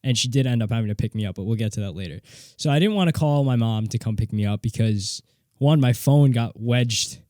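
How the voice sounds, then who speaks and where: Rich: a young man recounts a story on his solo podcast, rambling and animated, cursing freely. His voice is mellow and warm. The sound is dry and close, as from a home studio mic. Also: mid-range voice, a little fast, dry recording. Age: young adult. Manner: rambling, animated, swears casually. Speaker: podcast host. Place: home studio with guitar and mixing board.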